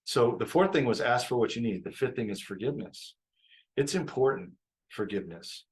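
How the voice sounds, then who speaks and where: A man teaching couples about forgiveness in a relaxed live-stream talk, reflective, often repeating his phrases and laughing easily. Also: lowish voice, low-quality recording. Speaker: relationship coach.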